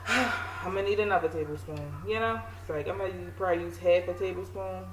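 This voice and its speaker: Cooking in an echoey home kitchen with constant background noise, a Maryland woman who vlogs about home cooking chats to the camera, cracking self-mocking jokes. Her voice is fairly low and she talks fairly quickly.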